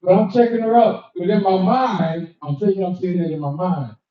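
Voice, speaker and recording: Older male comic, high voice, echoey room. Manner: crude, animated storytelling with quick character voices. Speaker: stand-up comedian. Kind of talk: live stand-up comedy. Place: cigar lounge comedy stage. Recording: echoey distant dull live-room recording.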